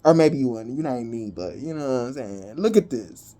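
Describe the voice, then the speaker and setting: A woman's voice: very deep voice, animated, fairly quick, mellow. A woman giving a casual spiritual reading to her viewers, chatty and profane and prone to giggling. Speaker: spiritual card reader.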